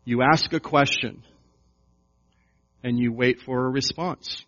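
A man preaching a sermon to his congregation, slow and emphatic, with repeated questions. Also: medium pitch, steady tone, fairly bright tone. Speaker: pastor. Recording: dull lo-fi sound.

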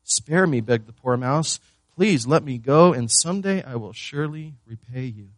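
A man's voice: mid-range voice, expressive, moderate pace, no echo, lightly acted. A man reading the part of a timid little female mouse from a fable, in his own everyday voice. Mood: pleading. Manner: read aloud from a fable.

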